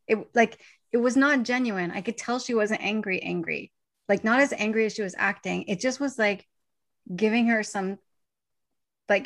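Chatty woman with a gravelly edge. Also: medium pitch, moderate pace. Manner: chatty, laughs often, acts out quoted lines. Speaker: podcast host. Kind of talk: casual chat.

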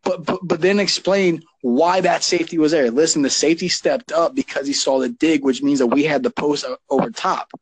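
A man's voice: a little high, a little fast, hardly any pauses, husky, no echo, low-quality recording. A man who coaches youth football, talking casually and emphatically on a podcast, often repeating words as he gets going.

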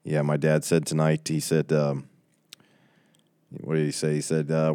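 Very deep-voiced man closing a Bible study. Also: little pitch movement, normal speed, dark tone, dry recording, clean studio sound. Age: 40s. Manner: chatty, reading out viewer comments. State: tearing up. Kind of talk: casual livestream Bible study wrap-up.

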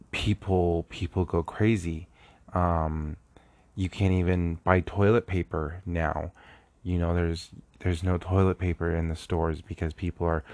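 A young man with a low voice muses on his podcast in an unhurried, rambling way, circling back to restart his thoughts. He sounds earnest and reflective, like someone who hasn't slept. The recording is close and dry. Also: darkish tone, dry recording. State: sleepless, recording early in the morning. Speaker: podcast host. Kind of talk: casual solo podcast monologue.

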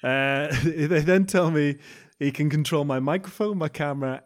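A man's voice: on the high side, moderate pace. A man co-hosting a podcast in casual chat, with dry, understated banter. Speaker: podcast co-host.

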